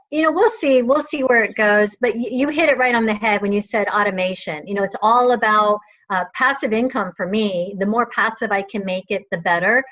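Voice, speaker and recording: Relaxed woman guest, slightly high voice, muffled lo-fi line. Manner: relaxed, thoughtful, laughs lightly. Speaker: guest entrepreneur. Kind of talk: casual interview chat.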